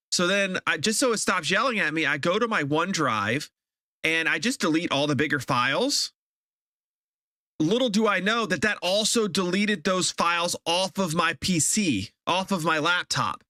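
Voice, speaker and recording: A man's voice: high voice, pushed and bright, dry recording, studio quality. A man live-streaming a game, chatting casually with viewers and ranting in exasperation, often repeating himself.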